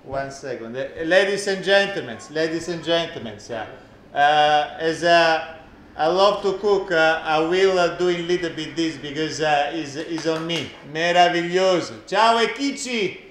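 A man's voice: on the high side, a little slow, a bit bright, reverberant, a little hiss or hum. A man with an Italian accent hosting a live cooking class, joking and exclaiming in Italian.

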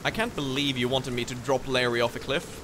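A man's voice: mid-range voice, fairly quick, background noise. A man hosting a gaming video, chatting playfully and teasing his co-player. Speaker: gaming channel host. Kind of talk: casual gameplay chat.

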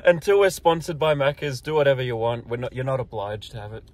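A young Australian man hosts a casual sports vlog from his car and the outdoors around a stadium. He talks fast in a medium-pitched voice with lively intonation, upbeat, jokey and self-deprecating.

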